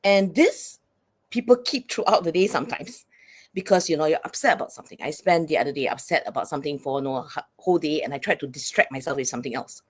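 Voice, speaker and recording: A woman's voice: low-pitched, fast, husky. A woman speaking as a psychologist and coach guest in an interview, earnest and explanatory, often checking in with "right?".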